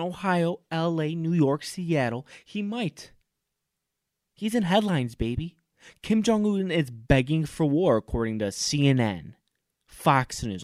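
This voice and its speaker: A man hosting a comedy podcast, delivering a loud, fired-up, mock-pompous rant. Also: on the high side, no echo, clean studio sound. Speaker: podcast host. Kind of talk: comic ranting monologue.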